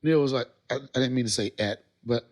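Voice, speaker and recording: A man telling stories in a casual podcast chat, animated and swearing freely. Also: medium pitch, brisk. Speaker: podcast guest, former TV sketch actor.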